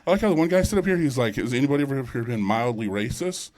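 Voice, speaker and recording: A man's voice: mid-range voice, expressive, rapid-fire, a little mellow, slight background noise. A man doing a stand-up comedy set at a live show, crude and rambling, teasing the crowd.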